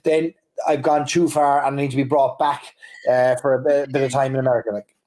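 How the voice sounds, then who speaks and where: A man's voice: medium pitch, little pitch movement, a little fast, darkish tone. A man with a Cork Irish accent, co-hosting a livestream chat and telling stories with easy laughs. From Ireland. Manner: chatty storyteller, laughs easily. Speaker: livestream co-host. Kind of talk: casual chat.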